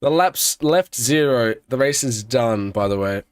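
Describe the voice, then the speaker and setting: A man hosting a live race watch-along, reacting with loose, slangy excitement and wrapping up the coverage. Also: medium pitch, measured pace, smooth, no room sound, studio quality. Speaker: host.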